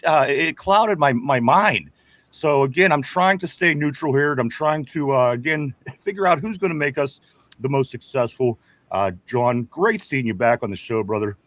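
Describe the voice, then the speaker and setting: A man's voice: fairly high pitch, a bit bright, no echo. A man hosting a casual sports talk show, reading viewer comments aloud with frequent chuckles and repeated words. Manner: chatty, stumbles and repeats words, chuckles often.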